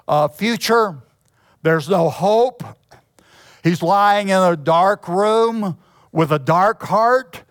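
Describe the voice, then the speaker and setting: Male pastor preaching; unhurried, deliberate, clears his throat often; dry close sound. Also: high voice, no echo. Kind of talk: sermon.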